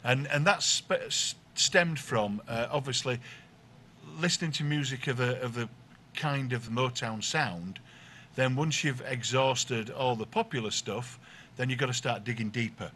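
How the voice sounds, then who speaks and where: A man's voice: medium pitch, unhurried, pushed and bright, slight background noise. Easygoing man. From north of England. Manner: easygoing, explains at length. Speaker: guest, record collector. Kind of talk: conversational interview.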